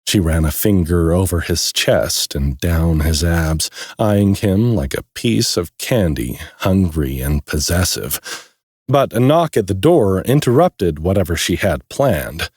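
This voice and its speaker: Brief: low, husky man narrating a fantasy audiobook, animated delivery. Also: measured pace, no room sound, studio quality. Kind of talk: scripted narration.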